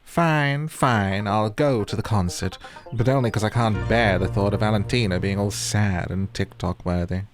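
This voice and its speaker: A man's voice: lowish voice, normal speed, soft background music, close to an everyday voice. Male performer reads a sophisticated diva fox villager, haughty, affected, darling every line. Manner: affected, calls people darling.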